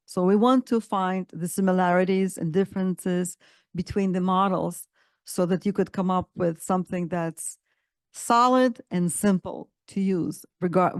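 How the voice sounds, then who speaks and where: A woman coaching instructor presenting a webinar with enthusiasm, often pausing with fillers and restarting phrases. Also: fairly low pitch, no room sound.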